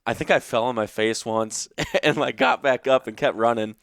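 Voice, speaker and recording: A man's voice: mid-range voice, moderate pace, creaky, fairly bright tone, smooth, no echo, clean studio sound. A young man hosting a podcast, retelling a hunt in an earnest, emotional way with many restarts. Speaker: podcast host. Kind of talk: casual storytelling.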